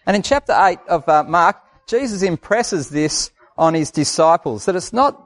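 A man's voice: high voice, lively intonation, moderate pace. An Australian man preaching a sermon in a conversational, folksy way, repeating phrases for emphasis.

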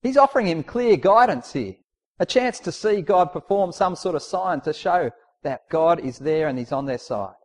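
A man delivers a sermon in a fairly high voice. He preaches conversationally but with emphasis, pressing his points with rhetorical questions and reading passages aloud. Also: expressive, normal speed.

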